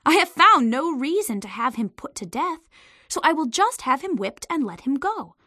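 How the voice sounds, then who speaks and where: A woman voicing an exasperated Roman governor in a storybook reading, pitching her voice up and pressing each point. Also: very animated, normal speed, pushed and bright, no echo, studio quality, heavily acted. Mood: insistent. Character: Roman governor, grown man, insistent and exasperated.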